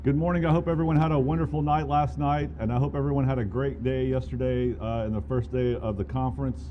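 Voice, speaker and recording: A man's voice: mid-range voice, fairly even intonation, quick pace, highs cut off, slight background noise. A man with an Alabama accent giving casual, self-deprecating opening remarks at a conference, with many fillers. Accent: Southern US, Alabama. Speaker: conference organizer. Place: conference room. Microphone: handheld or podium mic, cutting out.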